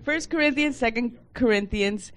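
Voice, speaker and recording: A woman's voice: a little high, moderate pace. A woman in a church class reciting a memorized list of Bible books, somewhat unsure of herself. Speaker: class member.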